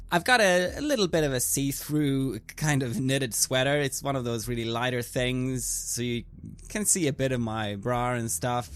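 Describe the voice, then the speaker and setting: A man's voice: medium pitch, a bit bright, clear, resonant tone, dry recording, natural voice. A man playing a carefree young woman student from California in a tabletop game, chatty and rambling in his own voice. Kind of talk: in-character tabletop role-play.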